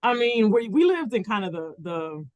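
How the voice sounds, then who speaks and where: A woman's voice: mid-range voice, sing-song, moderate pace, no room sound, highs cut off. A woman from the Dominican Republic co-hosting a casual podcast chat, rambling with many restarts and "like" fillers. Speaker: podcast co-host.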